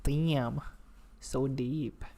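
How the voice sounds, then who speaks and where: A man's voice: medium pitch, steady tone, very slow, warm tone. A man with an Indian accent chatting casually on a live coding stream, muttering to himself and reading tutorial text aloud.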